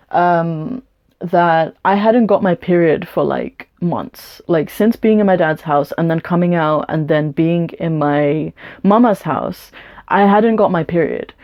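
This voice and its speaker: A young female vlogger tells a personal story to camera in a blunt, indignant rant packed with swearing, "like" and "um." Her voice is fairly low and her pace measured, and the audio has its highs cut off.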